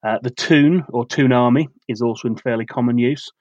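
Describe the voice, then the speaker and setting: A man co-hosting a football podcast, reading out a prepared match preview in a steady, measured way. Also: mid-range voice, no echo, muffled recording. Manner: steady, measured delivery of facts and dates.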